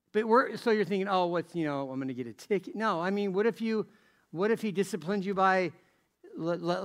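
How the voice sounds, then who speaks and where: A middle-aged preacher delivers a chatty, conversational sermon in a high, light, fairly bright voice. He fires off rhetorical questions, keeps asking "right?", and restarts and repeats phrases.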